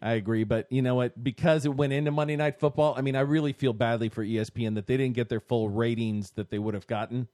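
A man co-hosting a casual sports talk show, telling stories in an animated way and acting out what people said. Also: medium pitch, fast, few pauses, no room sound, clean studio sound. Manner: animated storytelling, acting out quotes.

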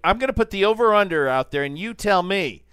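A man's voice: high voice, lively intonation, a little fast, a bit bright, clean tone, dry recording, clean studio sound. A middle-aged man hosting casual sports talk, rambling through stories and arguing his points with rising energy. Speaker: sports talk show host. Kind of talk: casual sports radio banter.

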